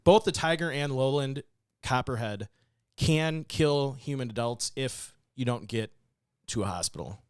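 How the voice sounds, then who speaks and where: A man co-hosting a podcast, chatting casually and adding relaxed asides and explanations. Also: mid-range voice, a little slow, clean tone, no room sound, clean studio sound. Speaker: podcast co-host.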